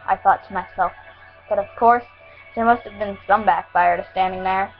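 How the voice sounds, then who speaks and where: A woman's voice: medium pitch, steady tone, moderate pace, dull audio, soft background music. A woman casually reading her first-person fan story aloud at home, with small slips along the way. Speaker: fan fiction reader.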